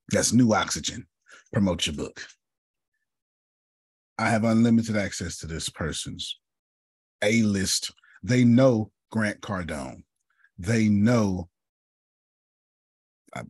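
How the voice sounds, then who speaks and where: A man with a very deep, somewhat husky voice leads a group session, giving a motivational talk built on loose, conversational personal stories. He calls on listeners by name and clears his throat often. The recording is close and dry, with no room sound.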